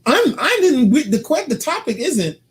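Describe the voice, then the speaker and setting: A man co-hosting a casual couple's talk show, arguing his side with animated, teasing energy and acting out what others say. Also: very high voice, moderate pace. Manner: animated, argumentative and teasing, quoting people in changed voices. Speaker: co-host.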